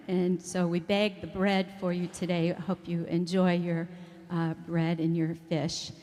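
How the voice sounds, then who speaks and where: A woman's voice: fairly low pitch, level tone, a little slow, darkish tone. A woman who leads the choir, thanking helpers in a chatty, emotional, rambling way at a church event. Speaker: choir director. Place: church hall with audience. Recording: echoey hall, mic often far off.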